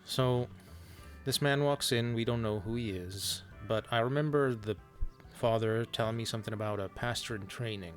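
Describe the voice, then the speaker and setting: A man's voice: mid-range voice, moderate pace, soft background music. A man in an in-character western roleplay, telling a story in a hesitant way with many fillers. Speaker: roleplay streamer.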